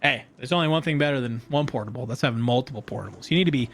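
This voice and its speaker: A woman casting a live esports broadcast, chatty and animated, often laughing as she breaks down the standings. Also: very deep voice, racing. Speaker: esports caster.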